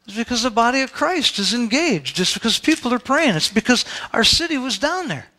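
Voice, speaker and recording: Male pastor with a high voice, storytelling sermon with a chatty delivery, church setting. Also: sing-song, a little fast, pushed and bright. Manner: conversational storytelling, with asides to the congregation.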